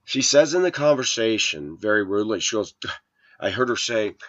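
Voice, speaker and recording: Deep-voiced man venting a dating story. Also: lively intonation, brisk, a bit bright, dull audio. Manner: aggrieved, retells texts and calls in quotes. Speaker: video blogger. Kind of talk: personal storytelling monologue.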